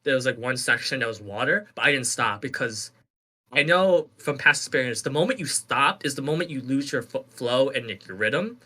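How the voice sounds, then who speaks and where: A man's voice: medium pitch, lively intonation, normal speed, sharp tone, husky. A man co-hosting a podcast, telling a story in casual chat with lots of fillers and laughs. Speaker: podcast co-host.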